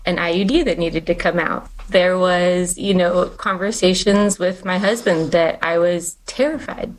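A woman's voice: on the low side, steady tone, low-quality recording. A woman guest on a podcast, candidly telling her personal faith story with many fillers. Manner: candid, quick, filler-heavy.

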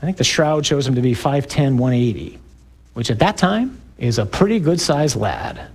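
A middle-aged priest giving an emphatic talk to a parish group, building up to loud exclamations. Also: male voice, medium pitch, animated, normal speed, husky.

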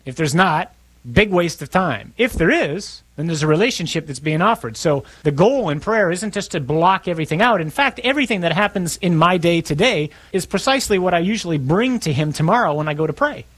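A man's voice: high voice, lively intonation, fairly quick, a bit bright, no echo. A man preaching a sermon to his parish in a conversational, storytelling way.

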